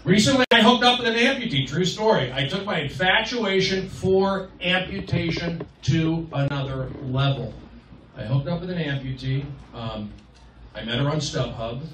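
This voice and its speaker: A man doing a live stand-up set, riffing with the crowd and swinging between loud and soft. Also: fairly high pitch, lively intonation, normal speed. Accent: Californian. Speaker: stand-up comedian. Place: comedy club stage. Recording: roomy, distant live club recording. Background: loud crowd laughter and noise.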